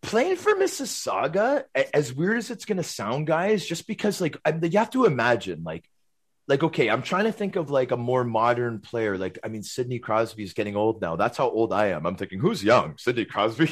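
Brief: middle-aged male guest, chatty storyteller, meandering and lively. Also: medium pitch, normal speed. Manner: rambling, animated, tag questions like "right?" and "man". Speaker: guest, former hockey player. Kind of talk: casual storytelling.

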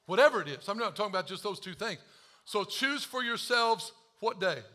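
A man preaching a sermon as pastor, joking at himself and moving from quiet confession to loud urging. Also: high-pitched. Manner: animated, self-deprecating humor, swings from quiet confession to shouting; quotes scripture slowly.

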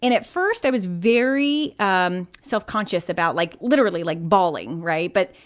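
A woman's voice: lowish voice, lively intonation, normal speed. A woman hosting a podcast, chatting earnestly about a moving personal experience. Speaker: podcast host. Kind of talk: casual interview chat.

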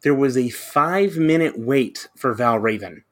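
A man's voice: mid-range voice, lively intonation, unhurried. A young adult man co-hosting a podcast, telling a rambling anecdote full of fillers and casual swearing. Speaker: podcast co-host. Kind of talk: casual chat.

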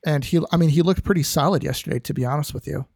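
A man's voice: fairly high pitch, fast, gravelly, darkish tone, no room sound, studio quality. Man steering a hockey chat. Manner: steers topics, asks questions. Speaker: podcast co-host.

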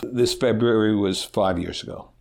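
A man's voice: fairly low pitch, moderate pace, gravelly. An older man, a teacher, talking candidly in an interview and telling stories with a self-deprecating touch. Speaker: interview guest. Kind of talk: casual interview.

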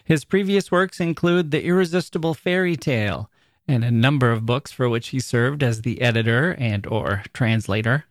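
A man hosting an interview podcast, giving measured, formal introductions. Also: medium pitch, no echo, clean studio sound. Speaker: podcast host.

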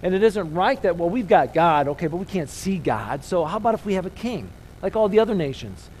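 Chatty preacher leading call-and-response. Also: male voice, sits high, animated, fairly quick, a little mellow, a little hiss or hum, poor audio. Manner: conversational, leads call-and-response, frequent "okay?" checks. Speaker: preacher teaching the congregation. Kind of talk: sermon.

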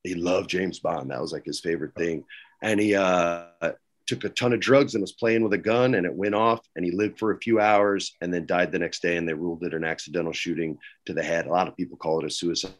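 A man's voice: low-pitched, steady tone, fairly quick. A middle-aged man, a podcast guest, telling stories in a casual way and acting out the quoted lines with a raised voice. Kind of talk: casual storytelling.

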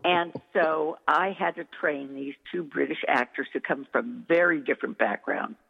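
A gravelly-voiced woman coach, effusive and full of enthusiasm as she tells her stories. Her voice comes through a thin, phone-like channel. It has a long reverb tail. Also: sits low, normal speed. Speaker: dialect coach, guest. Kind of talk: interview storytelling. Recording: echoey, tinny phone-like recording.

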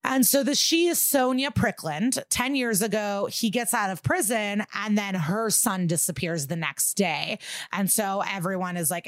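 A woman co-hosting a podcast, recapping an episode in casual, animated chat and swearing freely. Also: mid-range voice, moderate pace, no room sound, clean studio sound. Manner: animated, swearing, acts out quotes. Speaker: podcast co-host.

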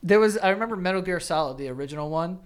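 A man hosting a podcast in casual chat, loose and profane, quick to joke. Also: high voice, smooth. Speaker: podcast host.

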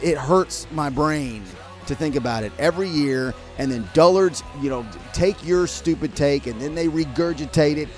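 An American man with a fairly high voice hosts a podcast, ranting in an opinion segment. He's sarcastic, scolding, and exasperated, hurling insults at his listeners, sometimes in a mock calm, soothing voice that breaks into outbursts.

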